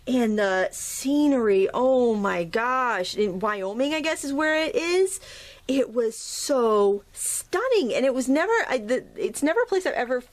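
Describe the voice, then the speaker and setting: An unhurried, expressive woman with a fairly high voice teaches watercolor painting in a casual, narrated tutorial. Middle-aged and from New England, she chats, rambles, and laughs at herself often.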